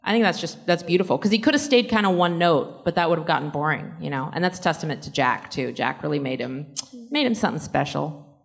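An actor appearing as a panel guest answers fan questions in a large convention hall, her low voice animated and quick, with vocal fry. She's chatty, laughs often, and uses many fillers, all carried by the hall's long reverb.

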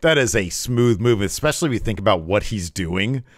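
A man with a low, deep voice chatting casually as a podcast co-host, breaking into laughter and riffing on jokes as he recaps matches. The recording is dry and close, with no room sound. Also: a little fast, dry recording. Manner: laughs often, animated and joking. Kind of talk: casual wrestling recap chat.

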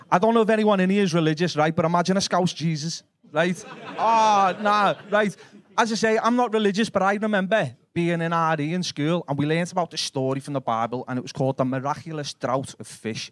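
A man's voice: a little high, dry recording. A man with a Liverpool accent doing live stand-up comedy. He swears and banters brashly with the crowd.

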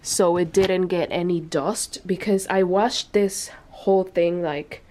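A woman's voice: lowish voice, fairly even intonation, slow, a little mellow, slight background noise. A young woman giving a casual home tour vlog of a baby's nursery, chatty and thinking aloud with fillers and small laughs. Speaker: vlogger.

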